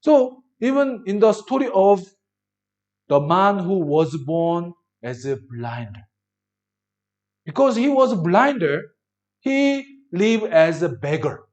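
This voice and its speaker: Male preacher, slow sermon, broken English, rhetorical questions, fairly high voice. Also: sing-song, highs cut off. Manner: swings between loud emphasis and soft drops.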